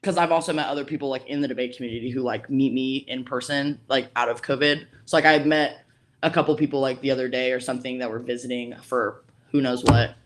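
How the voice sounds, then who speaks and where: A woman's voice: very deep voice, fairly even intonation, fast talker. A young adult woman, a podcast guest, chatting casually and telling a story. She fills her speech with "like" and acts out the voices of people she quotes. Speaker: podcast guest, college debater.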